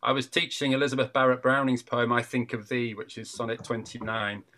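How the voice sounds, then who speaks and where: Man, Mancunian accent, bright voice, performance poet, rhythmic recitation. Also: medium pitch, little pitch movement, a little fast. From Northern England. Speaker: teacher. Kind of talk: poetry reading.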